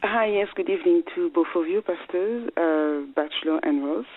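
A woman's voice: lowish voice, moderate pace. A woman with a strong French accent calling in to ask a question, talking hesitantly with many fillers and restarts. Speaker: caller. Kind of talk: call-in question. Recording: husky tinny phone line.

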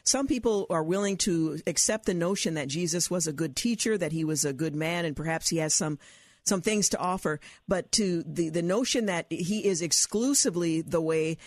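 A woman's voice: lowish voice, no room sound, clean studio sound. Woman hosting a radio interview. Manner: measured, slightly halting questions. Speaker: radio host.

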